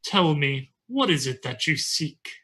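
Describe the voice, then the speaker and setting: A game master voicing a gruff, wise old male dwarf master who speaks slowly and calmly. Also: mid-range voice.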